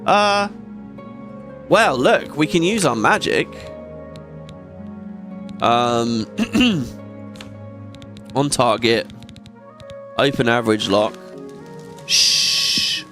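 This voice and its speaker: A man giving casual gameplay commentary as a let's play host, chatty and excitable, swearing often. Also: medium pitch, very slow, pauses often. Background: game music.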